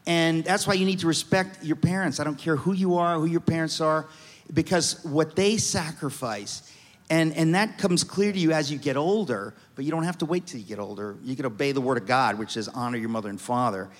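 A middle-aged man from New York telling funny family stories on stage, animated and comic, often restarting his sentences. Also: a little high, a little fast. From New York, USA. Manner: animated, comic, self-interrupting. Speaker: guest speaker. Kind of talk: storytelling on stage. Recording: reverberant hall.

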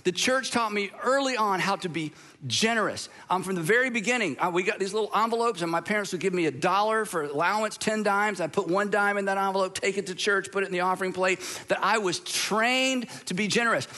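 A man's voice: high voice, pushed and bright. A middle-aged man from Georgia, a pastor giving a sermon, telling personal stories in a conversational way with self-deprecating asides. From Georgia, USA.

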